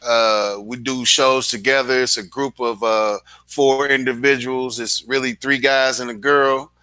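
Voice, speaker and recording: A man from Dayton, Ohio, a stand-up comedian telling a joke story with animated delivery and acted-out voices. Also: mid-range voice, measured pace, clear, resonant tone, dry recording.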